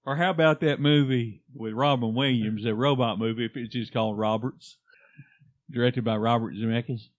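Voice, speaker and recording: A man's voice: medium pitch, fairly even intonation, no room sound. A man co-hosting a podcast, joking in casual banter and slipping into impressions. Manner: joking, quick impressions, chuckling. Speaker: podcast co-host.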